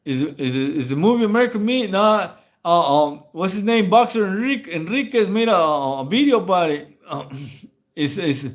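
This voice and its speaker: Man, high-pitched, rambling and stammering, casual livestream storytelling. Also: expressive, moderate pace. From Mexico. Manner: rambling, stammering slang-heavy storytelling with frequent laughs. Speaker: livestream host. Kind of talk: casual prison stories on a livestream.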